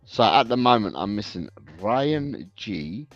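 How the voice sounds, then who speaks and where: A man co-hosting a casual live-stream podcast, briskly reading out viewer predictions. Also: fairly low pitch, very animated, soft background music. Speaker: podcast co-host. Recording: dull, dry lo-fi sound.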